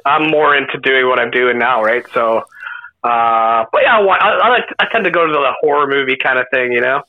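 A man's voice: mid-range voice, a little fast, phone-quality sound. A man with a Canadian accent, a podcast guest chatting casually with lots of hesitant fillers. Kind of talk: casual chat.

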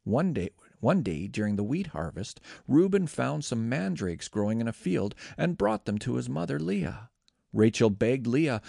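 Gravelly expressive scripture reader, man. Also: mid-range voice, measured pace, no room sound, clean studio sound.

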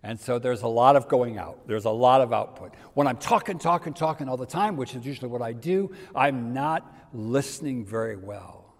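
Older male preacher, mid-pitched, conversational delivery that sinks to near-whispers; long hall reverb. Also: normal speed, few pauses. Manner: conversational, dropping to soft near-whispers for emphasis. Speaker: pastor. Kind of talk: sermon.

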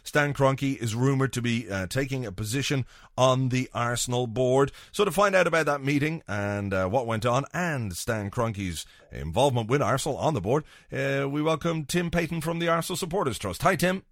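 A man's voice: mid-range voice, moderate pace, dry recording. A man hosting a football podcast in a loose, chatty way, swearing freely and acting out little scenes. His voice swings up and down a great deal. The sound is dry, with no room around it. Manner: sweary, animated, acts out voices for comic effect. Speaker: podcast host. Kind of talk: casual football podcast monologue.

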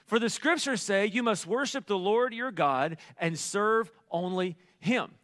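A middle-aged man preaching a sermon as pastor, telling a story in an animated, joking way. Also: high-pitched, measured pace. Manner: storytelling, animated, jokey asides.

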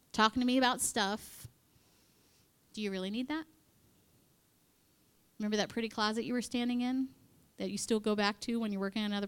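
Speaking live to a gathering of church women, she delivers a chatty sermon in a clean, medium-pitched voice. She acts out the voices she quotes and drops into whispered asides.

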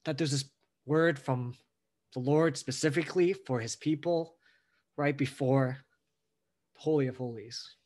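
A man's voice: medium pitch, a little slow, pauses often, darkish tone. A man preaching a sermon as pastor, earnest and growing emotional, building emphasis through repeated phrases.

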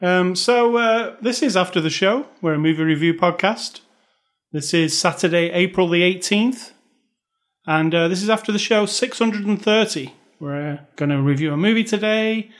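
A man's voice: sits high, moderate pace. A British man co-hosting a movie podcast in casual chat, dry and joking with frequent fillers. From Britain. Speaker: podcast co-host.

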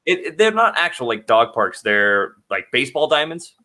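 A man's voice: medium pitch, sing-song, moderate pace, pushed and bright. A man in casual chat who rambles through stories and acts out quotes. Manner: rambling storyteller, acts out quotes, laughs often. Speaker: podcast co-host.

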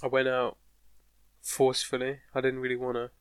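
A man's voice: mid-range voice, monotone, moderate pace, smooth, no room sound. A young man in casual podcast chat, joking, swearing and laughing often. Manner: laid-back banter with frequent laughter and swearing.

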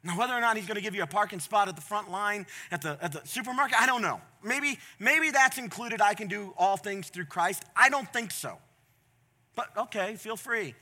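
A man preaching a sermon in a conversational, folksy way, moving between quiet asides and loud, emphatic points. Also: high voice, moderate pace. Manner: folksy, plain-spoken. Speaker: pastor.

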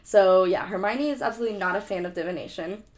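A young woman co-hosts a podcast and recaps a book in a loose, chatty way. She swears casually and slips into quick impressions of characters as she goes. Her voice sits in a middle pitch. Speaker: podcast co-host.

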